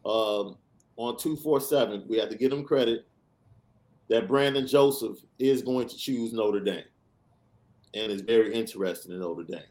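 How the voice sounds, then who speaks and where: A man with a fairly low pitch and darkish tone hosts a sports podcast, ranting at a moderate pace with emphatic, sarcastic repetition.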